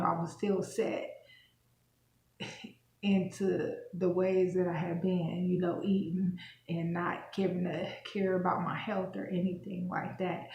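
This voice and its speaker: A woman's voice: mid-range voice, a little mellow. A young adult woman vlogger telling a personal story in a rambling way, with lots of fillers. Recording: roomy echo.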